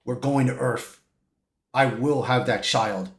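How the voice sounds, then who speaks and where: A man voicing a menacing male cosmic giant who gives stern, slow commands. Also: mid-range voice, echoey room, pitched below the performer's own voice.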